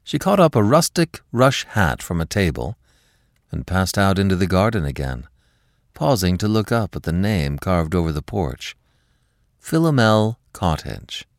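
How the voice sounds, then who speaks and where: A man narrating a classic short story for an audiobook podcast in a measured, expressive style. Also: low-pitched, dry recording, clean studio sound.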